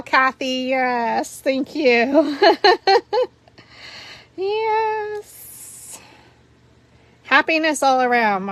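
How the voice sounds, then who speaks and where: A woman's voice: a little high, sharp tone. A woman hosting a live paper flower tutorial, talking through each step as she works and chatting and laughing with viewers. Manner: chatty, giggly, talks through steps while working.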